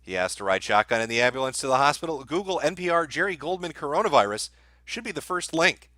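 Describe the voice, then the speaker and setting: A man's voice: fairly high pitch, lively intonation, fast, bright, forceful tone, no room sound. A man hosting a live stream, reading out viewer messages and answering them with sardonic, profane commentary.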